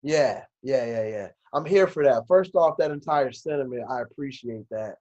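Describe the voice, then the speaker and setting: A man co-hosting a casual chat, relaxed and slangy. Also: mid-range voice, normal speed, lo-fi sound. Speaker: podcast co-host.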